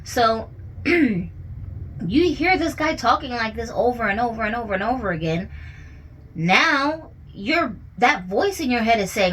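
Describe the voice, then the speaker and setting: A woman's voice: fairly high pitch, lively intonation, a little slow, a bit bright, husky, low-quality recording. A woman giving a casual commentary monologue about relationships, talking conversationally and often checking in with her listener. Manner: conversational, often asks "you know what I'm saying?".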